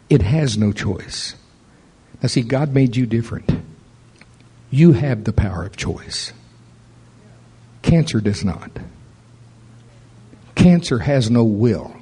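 A man's voice: lowish voice, takes it slowly, long pauses, husky. A man preaching a sermon as pastor, talking conversationally and building in energy. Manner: conversational preaching, rising animated toward the end.

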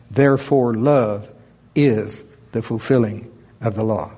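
A man's voice: fairly low pitch, takes it slowly, warm tone, husky. A man preaching as a pastor, reading scripture in old English and then driving points home with rising force. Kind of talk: sermon.

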